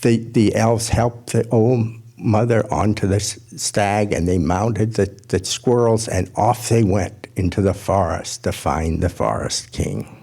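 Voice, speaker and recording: A man telling a folk tale to a gathering, in a measured, gentle storytelling manner. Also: lowish voice, gravelly, husky.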